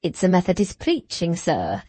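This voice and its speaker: A woman's voice: lowish voice, wildly swooping pitch, normal speed, dark tone, no room sound. Woman voicing a wheezy mincing innkeeper guy, super deferential, sir this sir that, dry audiobook sound. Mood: chatty. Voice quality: treble, wheezy voice with a mincing accent. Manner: deferential, chatty, says "sir" often. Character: pompous plump male village innkeeper.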